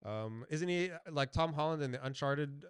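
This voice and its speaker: A man's voice: on the high side, normal speed, smooth, dry recording. Blunt, swearing podcast guy, dry sound. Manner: blunt, swears freely, jumps between loud bursts and mumbled asides. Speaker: podcast co-host. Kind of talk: casual chat.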